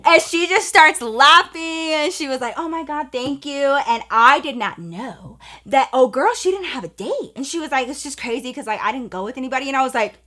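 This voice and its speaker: A woman in her twenties telling a casual, profane story time to her viewers, animated and chatty. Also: high-pitched, normal speed, few pauses. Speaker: storytime vlogger.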